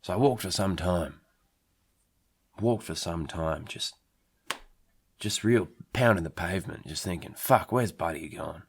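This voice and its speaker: A man playing a rambling, swearing Australian bloke who tells an absurd story in a deadpan way, with an Australian accent. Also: deep voice, measured pace, pauses often, husky, exaggerated voice. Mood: deflated. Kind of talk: absurd comic monologue.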